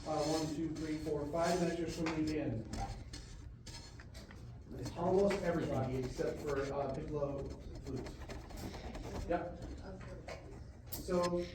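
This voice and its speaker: A man directing a school band rehearsal, giving instructions, singing phrases with syllables and joking with the students. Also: on the high side. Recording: echoey band room from far off. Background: room ambience and noise.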